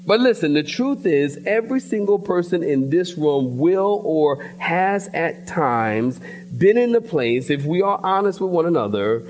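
A pastor from the preaching a sermon in church, telling a story in a lively way and calling out to his congregation. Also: on the high side, measured pace, slight background noise. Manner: storytelling preacher, animated, addresses congregation directly. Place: church sanctuary.

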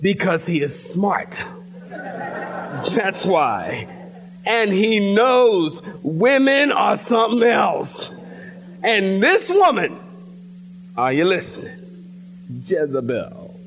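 A pastor from the preaching a sermon in church, telling a story in a lively way and calling out to his congregation. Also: sits high, drawn-out words, pauses often, soft background music. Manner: storytelling preacher, animated, addresses congregation directly. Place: church sanctuary.

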